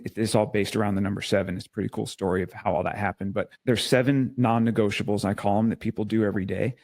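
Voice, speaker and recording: A man's voice: on the low side, a little mellow, no room sound, clean studio sound. A man talking earnestly in a casual faith podcast conversation, restarting and repeating words as he tells a story.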